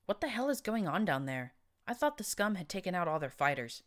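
A rough raider stallion, played by a woman narrating an audiobook, coarse and loud. He speaks sourly, his voice pushed well above the reader's own. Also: medium pitch, lively intonation, unhurried, voice pushed up. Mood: suspicious, sour.

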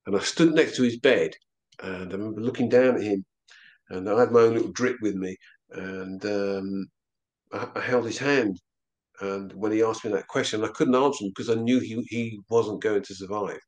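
Halting man telling his story. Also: on the low side, fairly even intonation, darkish tone. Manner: halting, with frequent stammered repeats. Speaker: interview guest. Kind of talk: personal storytelling in an interview.

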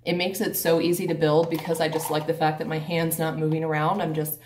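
A woman's voice: deep voice, little pitch movement, brisk, darkish tone, a little hiss or hum. A young woman vlogger chatting casually at home, rambling and joking about herself. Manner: chatty, rambling, self-mocking. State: out of breath. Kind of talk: casual chat. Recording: echoey room.

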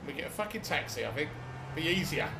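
A man's voice: on the high side, expressive, quick pace, creaky, sharp tone, slight background noise. A middle-aged British man giving a sweary, laughing running commentary while playing a video game. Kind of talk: casual let's-play commentary. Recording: echoey room.

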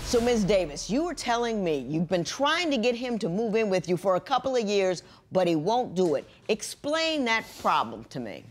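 A woman's voice: medium pitch, sing-song, normal speed, few pauses, faint music behind. A woman judge presiding over a TV courtroom, asking probing questions with dry humor. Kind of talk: courtroom TV hearing.

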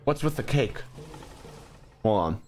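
A man's voice: fairly low pitch, takes it slowly, faint music behind. A young man streaming a game live, rambling and joking as he plays. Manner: rambling, excitable, jokey. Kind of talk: live gameplay commentary.

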